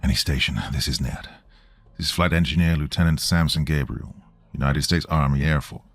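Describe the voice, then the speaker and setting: A man voicing a weary, blunt American airman lieutenant who talks in curt, low, clipped lines. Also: animated, normal speed, husky, full character voice. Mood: terse.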